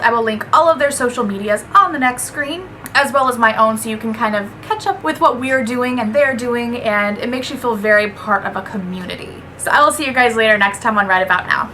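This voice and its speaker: A woman's voice: a little high, brisk, hardly any pauses, bright, forceful tone, a little hiss or hum, poor audio. A woman reviewing a poetry book, earnest and chatty, reading poems aloud between her remarks.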